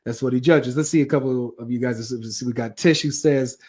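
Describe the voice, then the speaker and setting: A man hosting a live reaction stream, reading chat and talking straight to his viewers in an animated way. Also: medium pitch, brisk. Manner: animated, talks straight to viewers with frequent asides.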